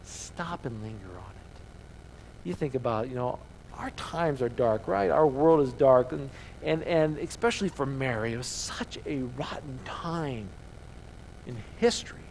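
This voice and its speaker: A man's voice: medium pitch, lively intonation, moderate pace, vocal fry, darkish tone, a little hiss or hum, rough recording. A man preaching a sermon to his congregation, talking emphatically and firing off repeated rhetorical questions. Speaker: pastor. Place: church service with congregation.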